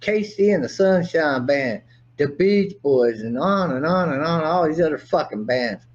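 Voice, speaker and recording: A man's voice: on the high side, lively intonation, measured pace. A man delivering a rambling, theatrical monologue to camera in a dull lo-fi recording. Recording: dull lo-fi video audio.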